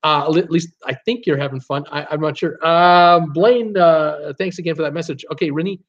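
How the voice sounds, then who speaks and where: Man, livestream host, casual chatty delivery, fairly high voice, dull lo-fi audio. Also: moderate pace. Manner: chatty, stumbles over names. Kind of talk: casual livestream, reading viewer comments.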